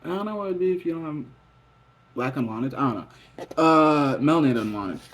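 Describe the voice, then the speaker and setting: A man's voice: on the high side, animated, fairly quick. A young man vlogging a rambling, profane late-night monologue that drifts between mutters and whispers.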